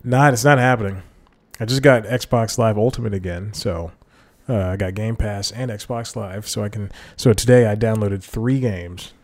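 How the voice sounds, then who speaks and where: Solo podcast chat from a host with a lowish voice at a moderate pace. Wearing headphones and speaking into a desk mic, he rambles casually, chuckling in asides and often correcting himself.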